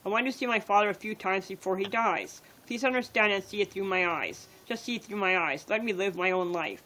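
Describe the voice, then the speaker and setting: A woman's voice: medium pitch, brisk, pushed and bright, a little hiss or hum, rough recording. A woman reading her own poems on a livestream, in plain and earnest short sentences.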